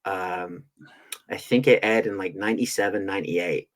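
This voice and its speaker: Chatty English man, low voice. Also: sing-song, moderate pace, gravelly. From England. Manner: chatty, restarts, playful rants. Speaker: podcast co-host. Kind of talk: casual chat.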